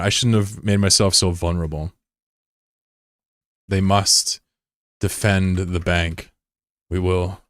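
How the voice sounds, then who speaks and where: A male game streamer chatting over his gameplay in a lively voice that swings from low, mumbled asides to squeaky, shouted outbursts. He talks in a loose, rambling way, swears freely, and sits close to a dry, dead-sounding mic. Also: no room sound. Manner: profane, rambling, jumps to high-pitched shouting when excited. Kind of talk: casual live-stream chat over gameplay.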